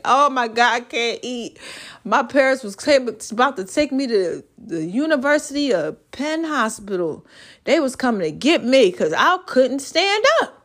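A woman with a slightly high voice, chatting in a rambling, folksy way on her podcast. She sounds worn out, yet she keeps exhorting her listeners like a small sermon. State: tired. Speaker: podcast host. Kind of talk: casual, preachy motivational chat.

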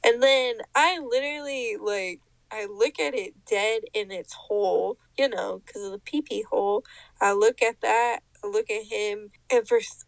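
A young woman co-hosts a podcast and tells a story in loose, casual chat. Her voice sits a little high and carries a gravelly fry. She laughs and acts out the people in her story, recorded close and dry. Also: unhurried, no room sound, poor audio. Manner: animated, laughing, mimics people in her stories. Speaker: podcast co-host.

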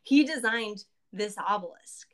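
A woman's voice: medium pitch, lively intonation, measured pace. A woman casually recapping a tabletop game session, chatty and full of asides.

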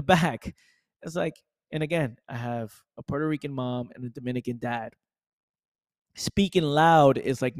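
A young man delivers a motivational podcast monologue in a voice pitched somewhat high for a man. He pushes his points hard, repeats phrases for weight, and swears casually. The sound is dry and close, with no room around it. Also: no room sound. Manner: emphatic, repetitive, swears freely. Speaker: podcast host.

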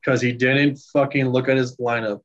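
A man's voice: medium pitch, level tone, normal speed, dull audio. A man co-hosting a casual podcast, swearing freely and ranting about his league mates. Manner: profane, heated ranting. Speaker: podcast co-host.

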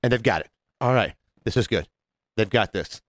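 A man co-hosting a casual podcast, telling an animated story and acting out the voices of the people in it. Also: lowish voice, moderate pace. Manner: animated, jumps into mimicked voices of customers. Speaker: podcast co-host.

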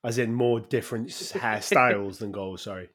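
A man's voice: lowish voice, normal speed, fairly bright tone. A man co-hosting a casual football podcast, giving blunt, exasperated opinions. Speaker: podcast co-host.

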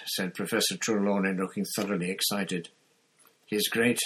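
A man reading an audiobook chapter with measured, expressive storytelling. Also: deep voice, husky. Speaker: audiobook narrator. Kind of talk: scripted narration.

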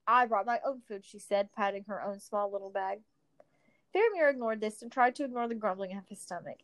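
A woman narrating a storybook, reading steadily with the odd slip and restart. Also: medium pitch.

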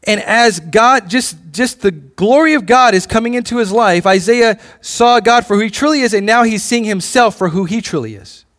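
A man's voice: sits high, moderate pace, hardly any pauses, a bit bright. A man preaching a sermon in a conversational way, often restarting phrases and building in intensity. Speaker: pastor.

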